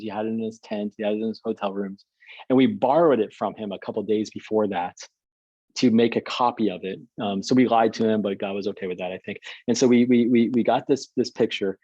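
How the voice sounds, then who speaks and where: A man's voice: lowish voice, warm tone, husky, dry recording, muffled recording. A man, a pastor, telling a story over a video call, with a rambling way of talking that repeats and restarts words.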